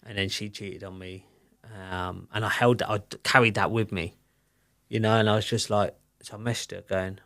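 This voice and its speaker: This middle-aged podcast guest talks openly about his life, drifting through stories full of filler words. His voice sits on the low side with a hint of brightness, and his tone stays steady at a moderate pace.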